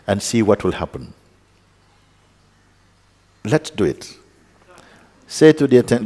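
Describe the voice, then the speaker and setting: A man with a very low voice speaks slowly and calmly, guiding listeners into quiet contemplation and now and then slipping in a playful aside. His voice rings out in a large hall with a long reverb. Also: slightly rough. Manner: slow, calm guidance with playful asides. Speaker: spiritual teacher. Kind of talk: guided meditation talk.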